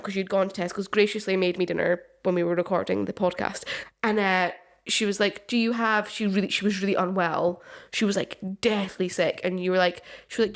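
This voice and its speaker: A woman's voice: fairly low pitch, little pitch movement, fast talker. A woman co-hosting a podcast, telling a long story in casual chat, quoting others and laughing as she goes. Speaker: podcast co-host.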